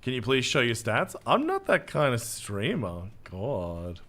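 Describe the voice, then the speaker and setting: A man's voice: medium pitch, wildly swooping pitch, a little slow, fairly bright tone. Joking Australian man streaming a game. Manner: casual, jokey, self-mocking, swears freely. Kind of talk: live gameplay commentary, reading chat.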